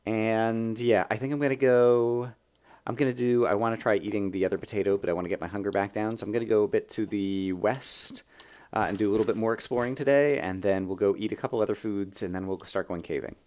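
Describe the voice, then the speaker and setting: A man's voice: lowish voice, quick pace. Chatty young man narrating gameplay. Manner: chatty, thinks aloud, bursts of excitement. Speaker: let's play host. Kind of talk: gameplay commentary.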